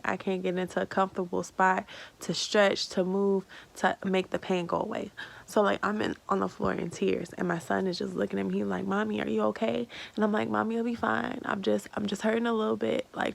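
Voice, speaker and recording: Woman in her 30s, vlog storytelling, very creaky gravelly voice, tearful, rambling, lots of fillers. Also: mid-range voice, low-quality recording. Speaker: vlogger.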